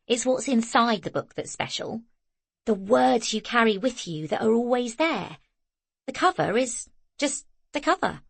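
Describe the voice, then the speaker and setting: A woman voicing a lively young single mother in an audiobook, bright and animated. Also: fairly high pitch, unhurried, creaky, slightly rough, no room sound, pitched above the performer's own voice, full character voice. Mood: teasing.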